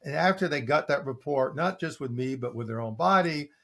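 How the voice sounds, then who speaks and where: An older man, a coach being interviewed, telling stories in a lively way and acting out what his clients say. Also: medium pitch, fairly quick. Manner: animated storytelling, acting out quoted clients. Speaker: coach and guest. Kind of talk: conversational interview answer.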